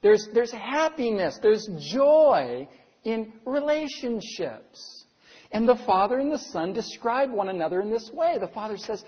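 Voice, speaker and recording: A man's voice: high voice, sing-song, unhurried, husky. A middle-aged man preaching a sermon as pastor, earnest, asking his listeners rhetorical questions. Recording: dull lo-fi sound with long hall reverb.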